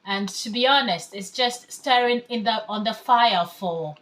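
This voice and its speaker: A woman's voice: a little high, unhurried, fairly bright tone. A woman from Ghana giving a casual cooking demonstration in her home kitchen, chatting through each step as she works. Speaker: home cook.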